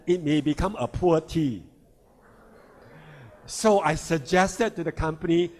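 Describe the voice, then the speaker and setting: Slow-talking man giving a health talk. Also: high-pitched. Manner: checks in with listeners, asking "right?" and "all right?". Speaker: health presenter. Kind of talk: instructional talk.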